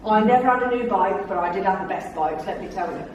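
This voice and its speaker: Talking quickly, the former tour guide entertains the club with theatrical, laugh-filled anecdotes from her years on the job; she's a middle-aged woman with a medium, slightly mellow voice. Her guest talk in the meeting room sounds dull and very echoey, picked up from a distance with slight background noise.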